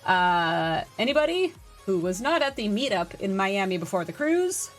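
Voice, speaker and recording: A woman game streamer chatting casually on a live stream, reading and answering chat with excitable energy. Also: mid-range voice, moderate pace, soft background music.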